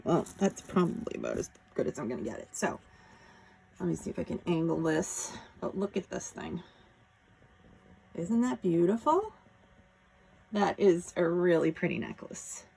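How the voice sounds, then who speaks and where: A woman's voice: lowish voice, gravelly, a little mellow, a little hiss or hum. A woman chatting casually as she shows off jewelry pieces one by one, admiring each as she handles it. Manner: chatty, admiring, talks while handling items. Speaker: jewelry seller showing auction finds. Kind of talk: casual show-and-tell chat.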